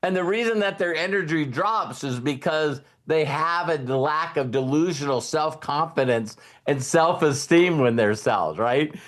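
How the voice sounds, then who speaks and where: A man's voice: a little high, a little slow, hardly any pauses. A middle-aged man giving a motivational talk who keeps acting out little conversations as he goes. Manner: animated, acts out little dialogues. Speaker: motivational speaker.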